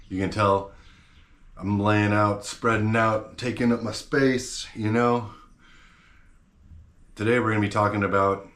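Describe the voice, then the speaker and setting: A man's voice: lowish voice, a bit bright, reverberant. A man hosting his own channel, talking straight to camera in a blunt, slangy, fired-up rant. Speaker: channel host.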